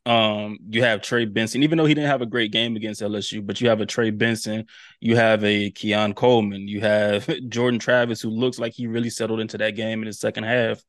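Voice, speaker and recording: A man, a guest on a sports podcast, chatting about football in a relaxed, slangy way. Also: on the low side, a little fast, dry recording, clean studio sound. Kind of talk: casual sports chat.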